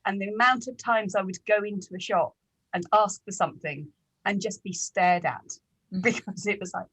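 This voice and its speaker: Woman, English accent, breathy, mid pitch, podcast guest, storytelling, self-deprecating. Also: normal speed, a bit bright, rough recording. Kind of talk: casual interview chat.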